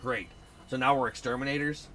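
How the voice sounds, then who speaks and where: A man's voice: medium pitch, fairly even intonation, brisk, sharp tone, a little hiss or hum. A man hosting a let's play, reading a visual novel's text aloud with dry asides. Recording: game music behind voice.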